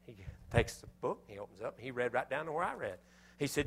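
A man preaching a sermon, telling a personal story with animated, self-scolding exclamations before closing in prayer. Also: mid-range voice, fairly quick, husky.

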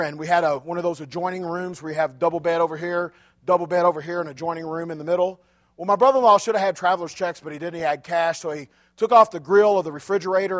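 High-voiced man telling a rambling story. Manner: chatty, rambling storyteller with asides. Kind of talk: storytelling talk to a congregation. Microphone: handheld microphone.

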